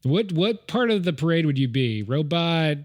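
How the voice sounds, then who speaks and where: A man's voice: on the high side, expressive, normal speed, dry recording. Chatty male podcast host, dry sound. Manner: chatty, laughing, with filler words and restarts. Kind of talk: casual chat.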